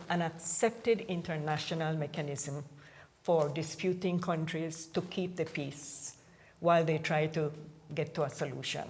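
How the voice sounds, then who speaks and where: A woman's voice: lowish voice, a little mellow. A woman guest on a talk show, explaining a point emphatically and often repeating herself.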